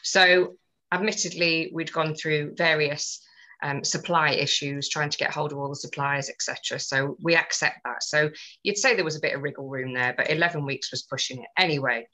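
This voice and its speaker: A woman's voice: deep voice, fairly even intonation, moderate pace, bright, forceful tone, rough recording. A woman on a podcast, telling a personal story in earnest, detailed casual chat. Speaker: podcast co-host.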